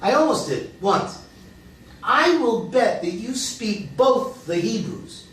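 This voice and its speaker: An actor reading the part of a chatty, hesitant adult Hebrew student in a virtual play reading. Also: male voice, high-pitched, very animated, slow, fairly bright tone, a little hiss or hum, heavily acted. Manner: rambling, hesitant, joking. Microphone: remote video call mic. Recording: echoey room, distant mic, faint ambience.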